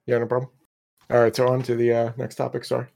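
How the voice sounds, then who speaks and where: A man in casual podcast talk, chatty and cutting in with quick additions. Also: mid-range voice, completely flat delivery, vocal fry, a little mellow. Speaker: podcast co-host. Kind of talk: casual chat.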